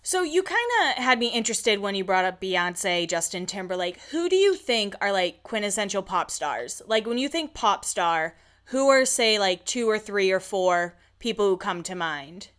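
A woman chatting casually on a podcast, telling stories in a quick, gossipy way. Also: mid-range voice, sing-song, a bit bright. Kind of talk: casual chat.

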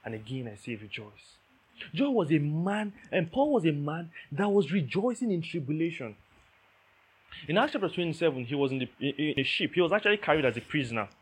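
A man delivers a sermon in a husky, slightly rough voice. He preaches with emphasis and repeats his key lines. He keeps checking that his listeners follow him. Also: fairly high pitch, sing-song, brisk. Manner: emphatic, repeats key phrases, asks the audience "do you understand".

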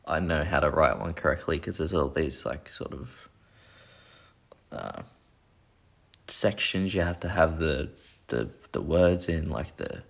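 A man's voice: sits low, vocal fry, a bit bright. A young man hosting a podcast, rambling casually with plenty of swearing and self-deprecating asides. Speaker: podcast host. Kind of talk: casual solo chat.

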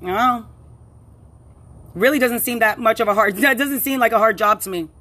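A woman's voice: fairly high pitch, normal speed, sharp tone. A woman hosting a casual solo podcast, rambling with frequent laughs, restarts and fillers. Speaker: podcast host.

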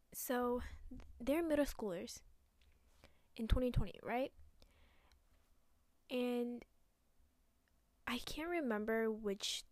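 A woman's voice: on the high side, dry recording. Profane, angry young woman ranting. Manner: angry, profane, dips into hushed asides. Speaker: podcast host. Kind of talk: casual solo podcast rant.

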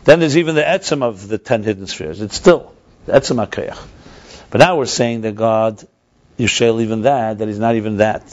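A man's voice: on the low side, normal speed. A man teaching a text class, reading passages aloud and explaining them step by step, often repeating himself. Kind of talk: text study lesson. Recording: dull lo-fi recording.

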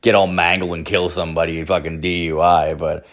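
A man's voice: low voice, level tone, fairly quick. A man casually telling a story, rambling and swearing freely, with constant filler words. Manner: rambling, profane, filler-heavy.

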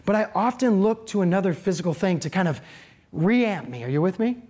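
A preacher giving a casual, conversational sermon, animated and speaking directly to the congregation. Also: mid-range voice, a little fast.

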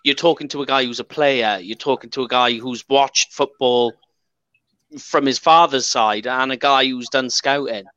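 A man from the United Kingdom co-hosting a casual sports podcast, lively and teasing, quick to laugh. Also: mid-range voice, clear, resonant tone, no room sound, highs cut off. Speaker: podcast co-host.

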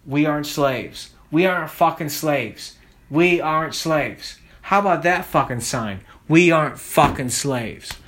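A man hosting a rambling solo podcast monologue, swearing constantly and drifting between low mutters and loud outbursts. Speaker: podcast host.

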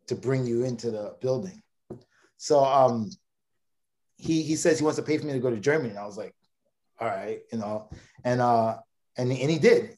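A man's voice: medium pitch, a little mellow. A man in his thirties from Brooklyn, a podcast guest telling a long personal story in casual talk, with stammered restarts. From Brooklyn, New York. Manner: rambling, many restarts and stammered repeats.

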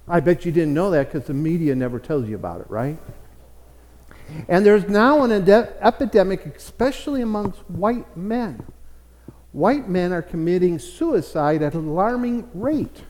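Folksy, high-voiced preacher man. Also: darkish tone, big-room sound. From United States. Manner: folksy, storytelling, repeats words when building a point. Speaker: pastor. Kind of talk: conversational sermon.

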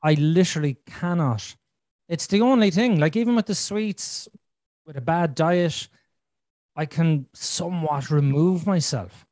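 A man in his thirties hosts a podcast, telling a frank, rambling personal story and swearing freely. His voice sits on the high side, a little mellow, at a measured pace. The studio recording is clean, with no room sound.

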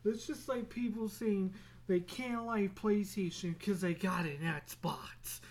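Slow, rambling male podcast host. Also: high-pitched, darkish tone. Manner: rambling, easily sidetracked, laughs at himself; swears casually. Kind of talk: solo casual podcast chat.

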